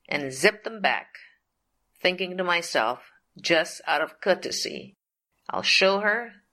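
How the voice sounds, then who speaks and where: A middle-aged woman recounts a personal faith story at a very unhurried pace. Her voice sits fairly low yet sounds bright and forceful. She speaks deliberately and leans on repeated phrases for emphasis.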